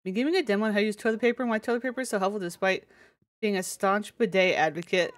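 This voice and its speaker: A woman's voice: mid-range voice, racing. A woman streamer talking casually and playfully to her viewers as she plays, thinking aloud in a chatty, joking way. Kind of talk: casual live-stream chat while playing a game.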